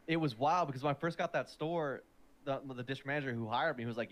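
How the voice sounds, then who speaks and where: Fast-talking man telling retail stories. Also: mid-range voice, slight background noise. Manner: animated storyteller acting out quoted customers and bosses. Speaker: podcast co-host. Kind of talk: casual storytelling chat.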